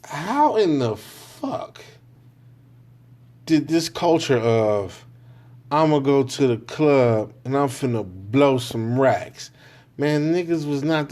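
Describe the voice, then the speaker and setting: A man's voice: mid-range voice, a little mellow. A man hosting his own show, ranting alone in casual, profane street slang and mimicking other people as he goes. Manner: acts out other people in quick impressions. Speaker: podcast host. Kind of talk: casual monologue rant.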